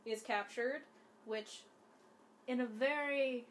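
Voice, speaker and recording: A woman co-hosting a casual podcast chat, teasing and playful with quick asides. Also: a little high, slight background noise. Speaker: podcast co-host.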